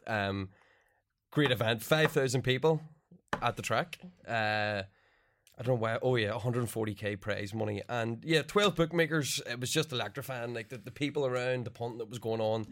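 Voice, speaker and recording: A man's voice: mid-range voice, moderate pace, a bit bright. A man co-hosting a podcast, talking in a laid-back way with plenty of "um" and "like". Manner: laid-back, full of fillers like um and like. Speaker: podcast co-host. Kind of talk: casual chat.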